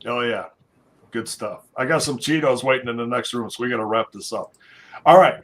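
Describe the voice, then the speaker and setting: A man co-hosting a casual podcast chat, talking haltingly with many fillers and restarts. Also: medium pitch, fairly bright tone. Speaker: podcast co-host.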